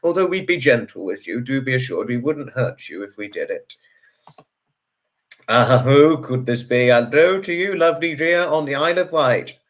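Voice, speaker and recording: A man hosting a livestream in an effusive, gushing manner, greeting viewers again and again. His pitch leaps up and then drops right down from phrase to phrase. He sits at the middle of a man's range. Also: lively intonation, normal speed. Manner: pitch swings up and down sharply. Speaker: livestream host.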